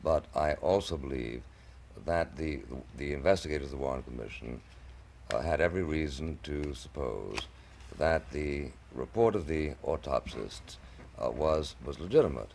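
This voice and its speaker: A man's voice: extremely low pitch, expressive, normal speed, vocal fry, darkish tone, slight background noise. A man hosting a televised debate, speaking in ornate, hesitant sentences with frequent stammered restarts.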